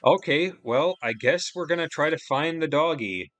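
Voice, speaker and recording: A man's voice: a little high, animated, moderate pace, a bit bright. A man streaming a video game live, chatting casually and rambling between remarks, with an easy, offhand swear here and there.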